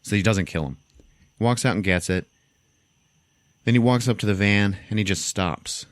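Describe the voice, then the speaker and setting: Deep-voiced man recapping a film. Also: normal speed, no echo. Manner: animated storytelling, acts out quotes, swears freely. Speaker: podcast host. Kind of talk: casual movie recap.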